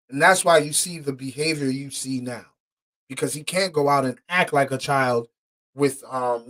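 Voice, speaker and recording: A man hosting a podcast, angrily commenting on court documents he reads aloud, profane and indignant, stumbling over words and swinging from muttered asides to loud outbursts. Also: mid-range voice. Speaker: podcast host.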